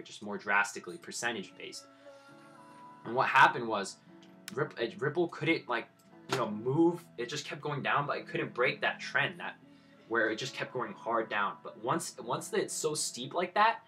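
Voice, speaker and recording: Blunt, bright-voiced young man. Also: fairly low pitch, normal speed, faint music behind. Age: 20s. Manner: blunt, profane, lecturing the viewers. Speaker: crypto trading streamer. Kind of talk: live-stream trading commentary.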